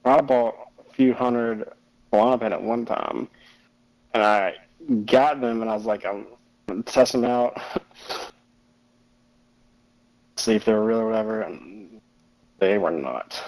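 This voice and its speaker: A man's voice: on the low side, takes it slowly, pauses often, darkish tone, low-quality recording. Chill guy rambling a story over a game, trips over his words, cusses casually. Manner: laid-back, rambling, profane. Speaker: gaming friend. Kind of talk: casual chat while gaming.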